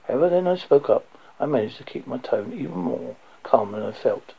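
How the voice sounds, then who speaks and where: A man reading a dark first-person story aloud, low and intense, sometimes dropping to a whisper. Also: lively intonation, brisk, creaky, husky. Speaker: audiobook narrator. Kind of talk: first-person audiobook narration. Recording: dull lo-fi recording.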